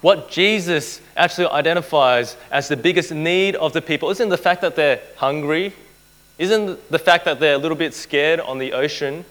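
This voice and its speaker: A man's voice: a little high, a bit bright, poor audio. A man preaching a sermon to a live audience, earnest, repeating key phrases and putting rhetorical questions to his listeners.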